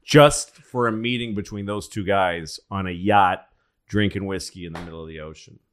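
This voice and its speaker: Low-voiced man telling history casually. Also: moderate pace. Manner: rambling, profane, acts out quotes.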